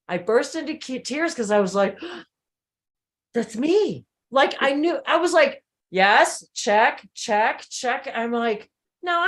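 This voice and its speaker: A woman with a slightly high voice tells her stories with animated emphasis. She keeps turning to her viewers as she talks over a video call. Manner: animated, emphatic storytelling, addresses viewers directly. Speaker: channeling host. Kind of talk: live video-call chat.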